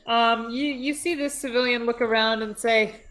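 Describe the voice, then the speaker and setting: A woman's voice: a little high, fairly even intonation, moderate pace, fairly bright tone. Lady gm running a tabletop game, easygoing and jokey, faint music in the back. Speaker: game master.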